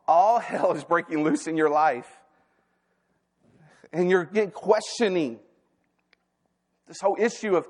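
A man delivering a sermon in a church, talking candidly with the congregation and slipping into quoted inner voices. His voice sits a bit high for a man and rings with a long hall reverb. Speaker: staff pastor. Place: church sanctuary.

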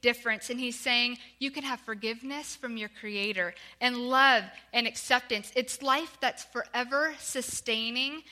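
A young woman giving a sermon as a guest speaker, earnest and pleading, slowing down to stress key words. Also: on the high side, pushed and bright. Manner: earnest, pleading, slows for emphasis.

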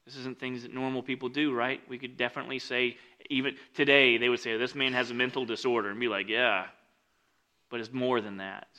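This male preacher has a mid-pitched, very bright voice and gives an informal talk reading and explaining scripture, fairly quickly and with little pitch movement. He chats along with frequent "like" and "right?" asides, shifting between loud emphatic reading and quiet lowered remarks.

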